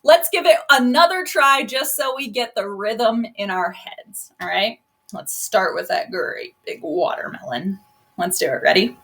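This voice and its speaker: A woman children's librarian leading a live online storytime from home, talking gently and encouragingly to young kids and explaining things simply over a laptop microphone. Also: mid-range voice, animated, a little slow. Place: at home, laptop propped on a box.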